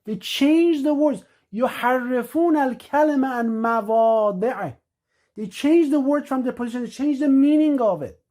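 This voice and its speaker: A woman's voice: high voice, animated, mellow. Emphatic woman teaching scripture. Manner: emphatic, slows to stress key words. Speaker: religious teacher. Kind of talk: scripture-reading lecture.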